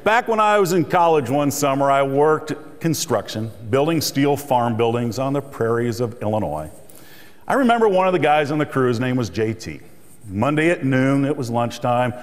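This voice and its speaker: Speaking at normal speed with a medium-pitched, very animated voice, this middle-aged keynote speaker keeps a conference crowd entertained with jokes and stories in his motivational talk. His words echo through a reverberant conference hall.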